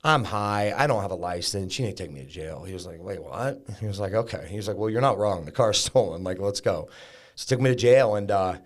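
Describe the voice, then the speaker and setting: A deep, low-pitched man speaks as a podcast guest. He tells his story candidly and casually, with plenty of likes and blunt language along the way. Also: lively intonation, a little fast. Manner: frank, conversational, peppered with likes and profanity. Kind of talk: candid storytelling about recovery.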